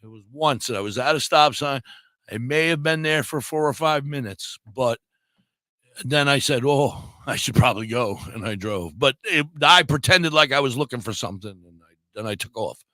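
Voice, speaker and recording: A man's voice: medium pitch, expressive, normal speed, pushed and bright, no room sound. A man co-hosting a casual radio chat show, blunt and rambling, with frequent swearing.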